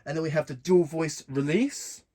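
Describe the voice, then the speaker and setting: Relaxed man demonstrating a keyboard. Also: on the high side, normal speed. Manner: relaxed, plain, talks while pressing buttons. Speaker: keyboard tutorial host. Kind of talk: casual instructional walkthrough.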